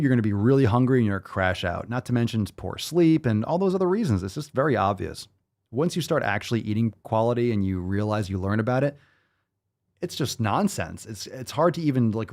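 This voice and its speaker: A man with a lowish, creaky, darkish voice hosts a podcast, ranting with blunt, profane, sarcastic commentary and mocking asides.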